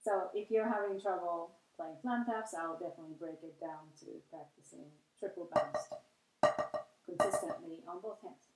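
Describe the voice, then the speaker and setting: A female percussionist calmly explaining how to practise a drum rudiment. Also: lowish voice, moderate pace. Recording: echoey room with music.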